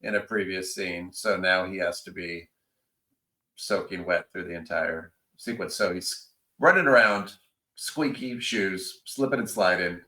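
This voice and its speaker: Bright, lively man hosting a podcast. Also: low voice, measured pace, poor audio. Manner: animated, enthusiastic, emphatic. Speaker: podcast host. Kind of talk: casual chat.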